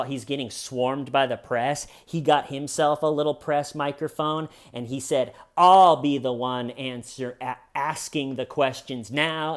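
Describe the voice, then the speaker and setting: A man hosting a comedy true crime show, telling a story in a mocking, animated way. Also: fairly high pitch. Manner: mocking, animated, puts on silly voices in quotes.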